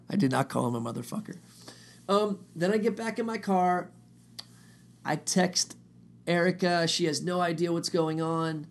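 A man's voice: on the high side, moderate pace, creaky. A man telling a long personal story in a casual, profane, rambling way, often quoting others. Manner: profane, rambling, animated retelling with quoted voices.

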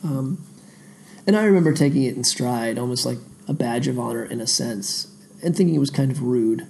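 A man's voice: mid-range voice, moderate pace, darkish tone, a little hiss or hum. A man, an independent musician, talking through his memories in a digressive, self-deprecating casual monologue. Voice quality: gravelly.

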